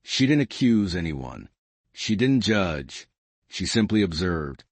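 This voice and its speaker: A man tells a bedtime mystery story in a calm, unhurried way. His voice sits low but moves freely in pitch, and the recording is close and dry. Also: no room sound. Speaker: narrator.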